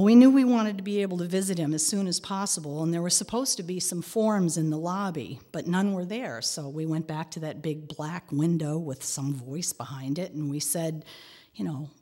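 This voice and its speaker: Middle-aged woman, kinda low voice, prayerful and expressive storytelling. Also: normal speed, husky, long reverb tail. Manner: prayerful, expressive, sometimes dropping to a whisper. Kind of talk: devotional reflection and personal storytelling.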